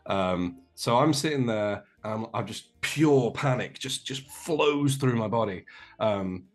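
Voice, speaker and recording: A man's voice: fairly low pitch, lively intonation, a little slow, faint music behind. A young English man, a guest on a remote call, telling a self-deprecating story in a rambling way, with many fillers and restarts. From England. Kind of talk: casual storytelling.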